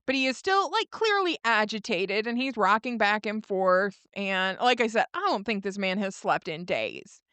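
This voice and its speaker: A woman co-hosting a podcast, retelling a show's scenes in a lively, laughing way. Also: on the high side, clear, resonant tone, no room sound. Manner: animated retelling with laughs and quoted lines. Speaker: podcast co-host. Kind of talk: casual recap chat.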